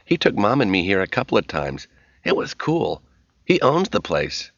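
A man's voice: fairly low pitch, big pitch swings, moderate pace, fairly bright tone, husky, no echo, heavily acted. A man voicing a sulky, manipulative preteen daughter who whines and complains, in an audiobook reading. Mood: bragging. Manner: whiny, indignant, pleading. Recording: dull, muffled audio.

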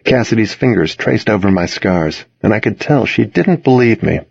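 Low, husky-voiced male audiobook narrator. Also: moderate pace, dry recording, muffled recording. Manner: intimate, expressive storytelling. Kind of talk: first-person audiobook narration.

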